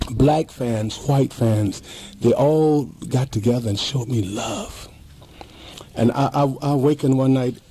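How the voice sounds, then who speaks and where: Interview guest, man in his 50s, husky mellow voice, emphatic and repetitive, heartfelt talk. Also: medium pitch. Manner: emphatic, repeats himself, heartfelt. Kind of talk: casual interview chat.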